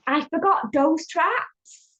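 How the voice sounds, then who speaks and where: A woman voicing a bumbling, eager man with squeaky shoes who yelps in a high voice. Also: takes it slowly, a bit bright, slight background noise, heavily acted. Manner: high yelping cries, cheerful and dim. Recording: dull lo-fi recording.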